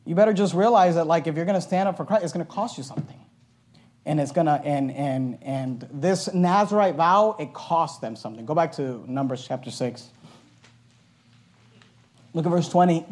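A middle-aged man preaching a sermon as a pastor, telling a personal story in a loud, emphatic, conversational way with asides. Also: a little high, moderate pace.

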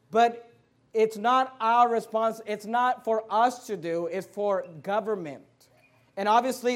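Very high-voiced fervent male preacher. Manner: fervent, emphatic, swings between quiet and loud. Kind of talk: sermon with scripture reading.

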